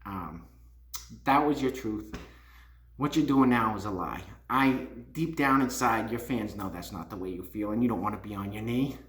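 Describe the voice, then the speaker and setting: A man's voice: lowish voice, normal speed, a bit bright. A man hosting his own channel, scolding and repeating himself in a heated opinion rant. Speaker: YouTube channel host. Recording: echoey room.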